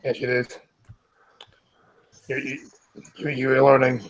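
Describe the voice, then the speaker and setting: Scottish man, stream host, flat monotone read, stumbles over words, clicking noise behind. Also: mid-range voice, unhurried, rough recording. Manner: stumbles over words while reading aloud, clears throat. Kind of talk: casual live-stream news reading.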